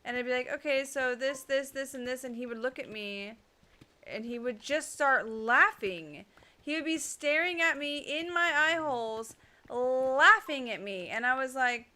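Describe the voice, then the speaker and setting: Bubbly lady chatting on a game stream, bright clear voice, kinda high. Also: animated, unhurried. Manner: bubbly, chatty, laughs often. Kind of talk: casual chat on a gaming stream.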